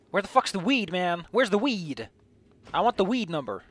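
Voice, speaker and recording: A man's voice: sits high, big pitch swings, normal speed, a bit bright, no room sound. A young man streaming a video game, rambling in sarcastic, casual commentary that is full of swearing. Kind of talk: casual let's-play commentary.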